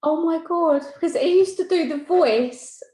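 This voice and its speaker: A woman's voice: very high voice, measured pace, dark tone, reverberant. A woman answering a reading over a video call, giving brief, eager replies. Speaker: caller. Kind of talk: casual chat.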